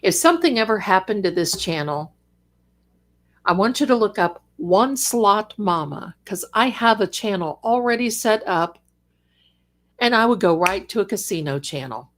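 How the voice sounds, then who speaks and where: An older woman hosting a psychic live stream in casual, affectionate chat, calling her viewers darlings, with bursts of lively excitement. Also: medium pitch, moderate pace. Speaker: psychic livestream host.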